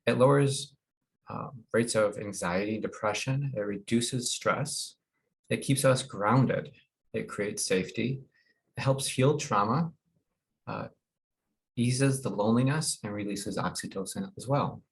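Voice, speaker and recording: Low-voiced man, halting webinar presenter. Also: creaky, low-quality recording. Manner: halting, many fillers and restarts. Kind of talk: informal educational talk.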